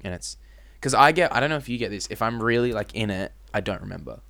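A young man talks loosely on a podcast, circling back and restarting his sentences. His voice sits low. The sound is dry and close. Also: animated, fast, gravelly, bright, forceful tone, no echo. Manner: rambling, many restarts, swears casually. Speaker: podcast co-host. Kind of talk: casual chat.

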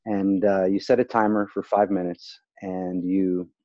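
A man who works as a speaking coach, explaining an exercise calmly in a casual podcast chat. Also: low-pitched, measured pace, no room sound, highs cut off. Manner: explains calmly, acts out worried and excited self-talk in demonstrations.

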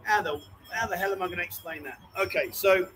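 A man's voice: sits high, fairly quick, pushed and bright, faint music behind, low-quality recording. Chatty man hosting a bar live stream. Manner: chatty, jokey, calls people mate and darling. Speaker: host. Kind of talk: casual live-stream chat.

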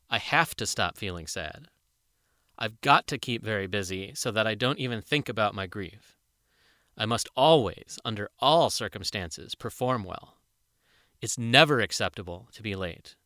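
A man calmly narrating a self-help book in a measured, explanatory reading. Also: medium pitch, no echo, studio quality. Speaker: audiobook narrator.

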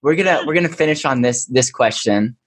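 A man hosting a casual interview podcast, affirming and quick to agree with his guest. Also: medium pitch, animated. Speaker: podcast host.

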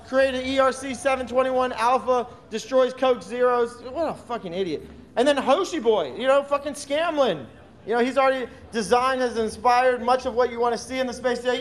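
Very high-voiced sarcastic ranting man. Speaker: co-host. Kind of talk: casual live audio chat.

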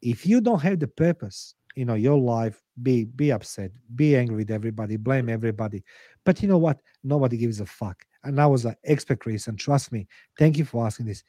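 A man's voice: medium pitch, lively intonation, a little fast, dark tone, no echo, clean studio sound. A middle-aged man, a podcast guest and author, speaking English as a second language in blunt, emotional interview talk that is heavy with swearing. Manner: earnest, blunt, swears freely, non-native English.

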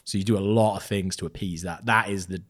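A man from Wales, co-hosting a casual film podcast in a rambling, animated way. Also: low-pitched, quick pace. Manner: rambling, animated, with many restarts. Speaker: podcast co-host.

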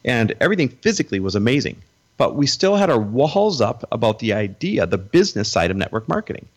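A man's voice: medium pitch, big pitch swings, fast talker. A middle-aged man telling his story as a guest in an interview, acting out the voices of the people he quotes.

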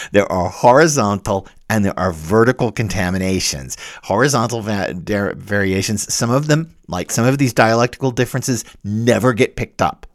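A man's voice: fairly low pitch, no echo. Man lecturing in a dry room. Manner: explanatory, with fillers and self-corrections. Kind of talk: academic lecture.

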